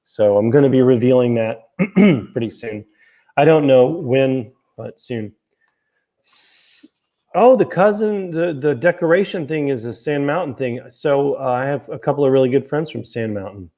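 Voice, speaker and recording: A man's voice: mid-range voice, animated, normal speed, mellow. A man hosting a casual livestream chat, rambling and joking, talking from outdoors near a golf course. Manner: rambling, easily distracted, joking. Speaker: host and author.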